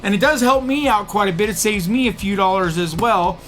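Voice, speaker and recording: A host chatting casually to camera in an unboxing vlog, upbeat and quick to laugh. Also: mid-range voice, a bit bright, soft background music. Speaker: host of an unboxing video channel.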